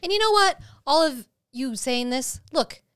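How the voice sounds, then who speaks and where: A woman's voice: high-pitched, expressive, unhurried, fairly bright tone, no echo, clean studio sound. A woman co-hosting a casual sports talk show, teasing her co-hosts playfully. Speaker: podcast co-host.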